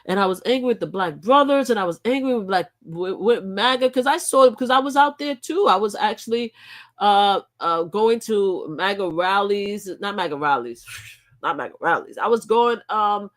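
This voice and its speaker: Middle-aged New woman, livestream host, lively pitch swinging low to high, emphatic casual venting. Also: moderate pace. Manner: animated, emphatic, swings from low muttering to loud outbursts.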